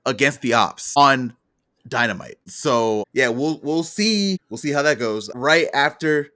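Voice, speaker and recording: A man with a bright, forceful tone talks through last night's wrestling show in a loose, rambling way. He co-hosts a casual podcast and tells events as a story. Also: mid-range voice, expressive, a little slow. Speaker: podcast co-host. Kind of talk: casual wrestling recap chat.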